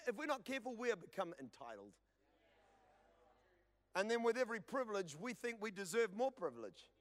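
A man preaching a sermon to a church congregation in an impassioned style, building to loud calls to the crowd. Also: high-pitched. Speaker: pastor. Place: church service before a congregation.

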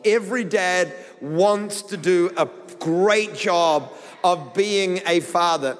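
A man's voice: high voice, fairly bright tone, long reverb tail. A man with a New Zealand accent preaching a sermon as pastor, talking in a conversational, humorous storytelling way.

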